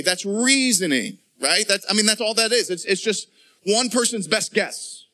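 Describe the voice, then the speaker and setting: High, bright-voiced preaching man. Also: moderate pace. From Pittsburgh. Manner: animated preaching with call-and-response and paraphrased voices. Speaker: pastor. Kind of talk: sermon.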